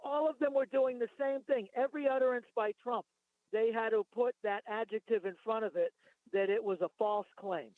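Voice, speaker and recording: A man's voice: extremely high pitch, fairly even intonation, normal speed, no room sound. A man calling in to a talk radio show, rambling and arguing his points, reading from notes. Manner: rambling, argumentative, reads from notes. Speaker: caller. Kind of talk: phoned-in talk radio call. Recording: tinny phone line.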